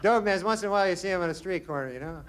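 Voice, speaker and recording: Deadpan, rambling stand-up comedian. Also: male voice, high-pitched, rapid-fire, crowd noise.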